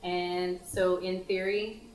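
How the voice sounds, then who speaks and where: A woman's voice: on the low side, little pitch movement, slow pace. A woman introducing her tabletop character in a playful, joking way. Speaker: player. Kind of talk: casual chat. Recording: roomy echo.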